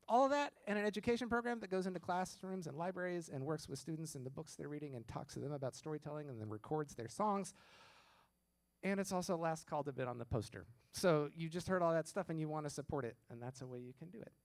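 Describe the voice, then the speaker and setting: A man's voice: on the high side, quick pace, no room sound. A man speaking from the stage at a live music and books event, giving rambling, enthusiastic announcements full of ums. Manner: rambling, filler-heavy, enthusiastic. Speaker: arts organization director speaking at a live show. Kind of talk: informal onstage announcements.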